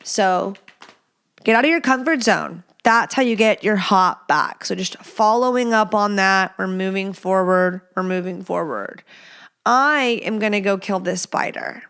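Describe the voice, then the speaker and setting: A woman in her thirties hosting a solo podcast in a loose, unscripted way. She talks bluntly and swears freely, and she addresses her listeners directly. Her voice sits at an ordinary middle pitch for a woman. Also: measured pace, a bit bright, smooth. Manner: blunt, chatty and profane, talking straight to listeners. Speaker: podcast host. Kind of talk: casual solo podcast chat.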